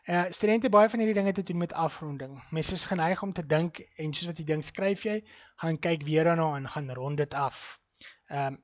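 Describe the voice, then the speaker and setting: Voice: medium pitch, dull audio. A university lecturer gives a recorded online lecture. The lecturer explains step by step, reads punctuation marks aloud, and moves between Afrikaans and English.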